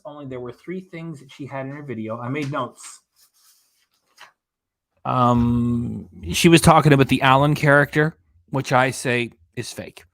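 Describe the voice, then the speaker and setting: A man's voice: mid-range voice, fairly bright tone, no echo. Opinionated man hosting a live stream. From Ontario, Canada. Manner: opinionated, gossipy, rambling asides. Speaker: reaction channel host.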